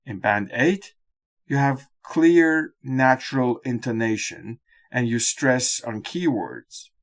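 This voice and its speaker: A man delivers a scripted lesson narration in a measured, instructional manner. He speaks slowly, and his pitch moves a lot from phrase to phrase. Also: animated. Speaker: exam-prep teacher.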